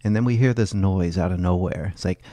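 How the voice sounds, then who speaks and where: A man's voice: low voice, fairly quick, warm tone, dry recording. Crude laughing man telling party stories. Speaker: podcast co-host. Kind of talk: casual profane chat.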